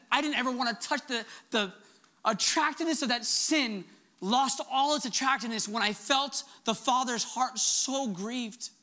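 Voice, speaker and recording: Middle-aged guy preaching, earnest and emphatic, bright tone, goes quiet sometimes. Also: extremely high pitch. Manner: earnest, emphatic preaching with sudden soft drops. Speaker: pastor. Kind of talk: sermon.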